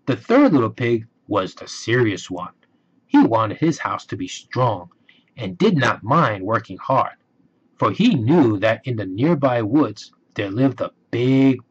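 A man reading a children's storybook aloud, slow and expressive. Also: lowish voice, breathy edge. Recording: dull lo-fi recording.

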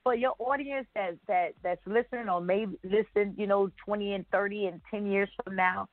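A woman in her fifties talks at an everyday pitch as a radio interview guest. She rambles and restarts, filling gaps with casual fillers. The sound is dry and narrow, like a phone line. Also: steady tone, moderate pace, dry recording, soft background music. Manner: rambling, many "you know" fillers and restarts. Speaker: guest rapper.

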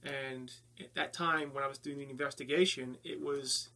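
A man from New Jersey with a North Jersey accent, a paranormal investigator telling of his investigations in a halting way with many fillers. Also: medium pitch, steady tone, bright, forceful tone. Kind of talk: casual interview talk.

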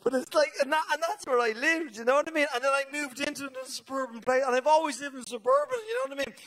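Bright high-voiced Dublin comedian. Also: male voice. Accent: Dublin Irish. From Ireland. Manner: energetic, swearing, keeps asking "right?". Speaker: stand-up comedian. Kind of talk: live stand-up routine. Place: comedy stage.

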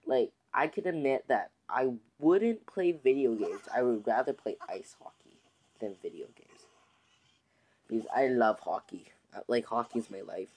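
A man's voice: medium pitch, expressive, moderate pace, darkish tone. A man hosting his own gaming channel, chatting casually to viewers in a rambling way with many restarts and fillers. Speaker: gaming YouTuber host. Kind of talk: casual let's-play commentary.

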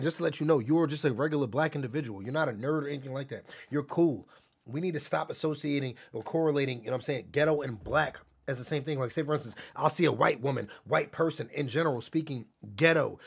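A young man streaming live and reacting to clips in a loud, animated rant that often breaks into shouting. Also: fairly high pitch, gravelly, husky. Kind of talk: livestream reaction commentary.

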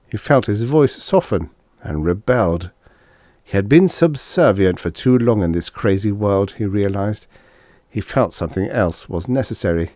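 A man reading vintage science fiction aloud as an audiobook narrator, with expressive, dramatic storytelling. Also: sits low, a little slow, no echo, studio quality.

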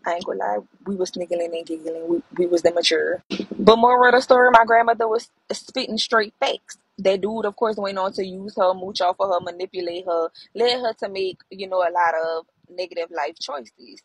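A woman telling a family story in a lively, colloquial way, laughing at times. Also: medium pitch, a little fast, breathy edge, dry recording, rough recording. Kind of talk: storytelling in a stitched clip.

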